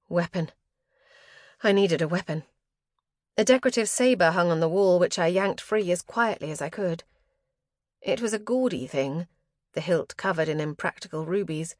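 A woman narrating a first-person fantasy audiobook in a measured, steady way. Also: lowish voice, no echo, studio quality.

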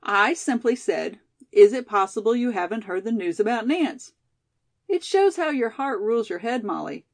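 Teasing, prankish college girl with a cold read by a woman; lively, playful, a bit higher. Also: moderate pace.

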